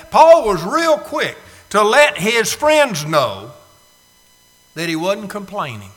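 A man pastor preaching a sermon, swinging from hushed asides to shouted emphasis, with drawn-out words and rhetorical questions. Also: sits high, sing-song. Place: church sanctuary. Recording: long reverb of a church hall.

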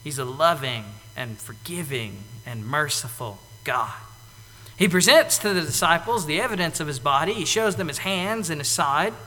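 A man delivering a sermon, his pitch rising and falling in wide, animated sweeps. His tone is bright and forward, and he acts out the lines he quotes. A long reverb hangs on his voice, as in a large hall. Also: normal speed. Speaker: preacher.

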